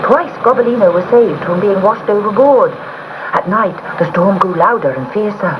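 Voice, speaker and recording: A woman's voice: medium pitch, expressive, moderate pace. A woman reading a children's story aloud with dramatic expression, on a muffled recording with hiss.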